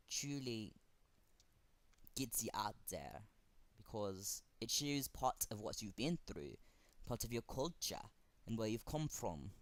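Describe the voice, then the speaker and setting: A man with a German accent speaking earnestly to camera in a fan tribute, halting and pausing often. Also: on the low side, dry recording. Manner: earnest, halting, with frequent pauses. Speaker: fan vlogger.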